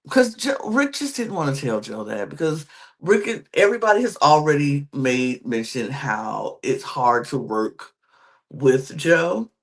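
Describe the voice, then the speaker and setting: A woman co-hosting a podcast, casually recapping a TV episode, quoting the people in it in quick acted asides and giving emphatic, exasperated opinions. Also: deep voice. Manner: chatty, quotes contestants in quick acted asides. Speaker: podcast co-host.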